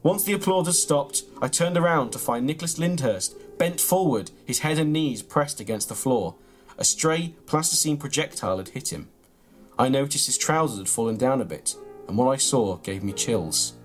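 A man reads a ridiculous memoir aloud with a straight face and mock-earnest pacing, his pitch sitting in an ordinary middle range. Faint music plays underneath. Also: normal speed. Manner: deadpan, mock-earnest storytelling. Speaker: comedy podcast host reading his own mock memoir. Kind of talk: deadpan comic reading of a story, then casual chat.

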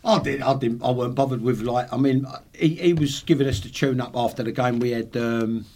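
A man's voice: medium pitch, fairly quick, mellow. A man in his sixties, a podcast guest, telling swearing football anecdotes with laughs. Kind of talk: casual storytelling.

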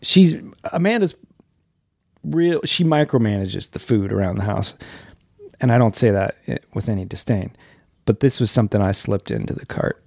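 A man's voice: lowish voice, lively intonation, normal speed, creaky, a little mellow, dry recording, clean studio sound. A man co-hosting a casual remote podcast, rambling and joking along with his partner. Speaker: podcast co-host.

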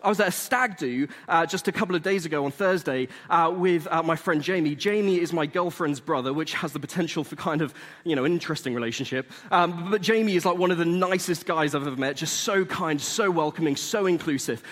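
A man's voice: fairly high pitch, brisk, fairly bright tone, in a large hall. A young man giving a sermon as a chatty, self-deprecating story. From England.

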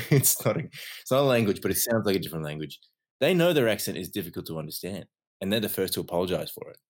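Casual co-host: man from Australia, low voice, lively anecdotal storyteller. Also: fast. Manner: animated storyteller, laughs often. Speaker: actor, podcast co-host. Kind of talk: casual chat.

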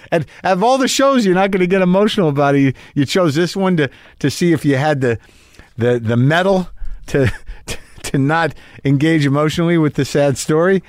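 A man's voice: fairly high pitch, normal speed, dry recording, studio quality. A man hosting a podcast, talking in a loose, rambling way with lots of fillers and restarts, poking fun at himself. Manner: rambling, self-deprecating, many fillers and restarts. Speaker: podcast host. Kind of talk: casual chat.

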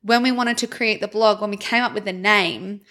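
A young adult woman co-hosting a podcast who tells stories in an animated way, peppered with "like". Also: medium pitch, moderate pace. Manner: animated storyteller, heavy use of "like". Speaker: podcast co-host. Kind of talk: casual chat.

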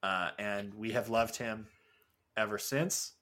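Un hombre que copresenta un pódcast en una charla informal; divaga, se ríe y suelta palabrotas. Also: male voice, fairly low pitch, steady tone, takes it slowly, fairly bright tone. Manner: rambling, laughing, swears freely. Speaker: podcast co-host. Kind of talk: casual chat.

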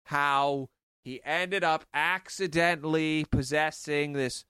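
A man co-hosting a podcast, recounting a story in a deadpan, sarcastic way. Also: on the high side, slow, clean tone, no room sound. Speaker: podcast co-host. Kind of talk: casual comedic chat.

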